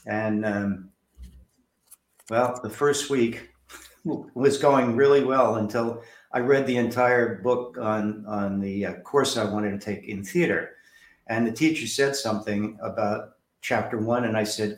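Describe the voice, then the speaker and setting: A man's voice: fairly low pitch, unhurried, roomy sound. A man from New Jersey, an author and director, telling stories from his life in an interview and acting out the people in them. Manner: animated storyteller who acts out quoted voices. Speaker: author and film director, guest. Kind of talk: storytelling interview.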